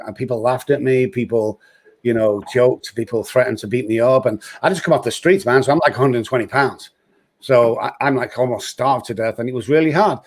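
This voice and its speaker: A man tells recovery stories in a lively, conversational way. He slips into the voices of the people he quotes and punctuates his lines with casual fillers. His voice sits at an ordinary middle pitch for a man. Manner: lively storyteller who acts out quoted voices. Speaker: host and recovery speaker.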